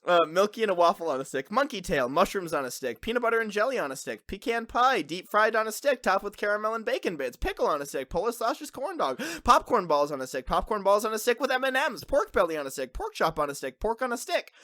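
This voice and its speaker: A man's voice: sits high, sing-song, fast, few pauses, sharp tone, dry recording, studio quality. A man hosting a podcast in casual chat, reading a list aloud and laughing. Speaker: podcast host.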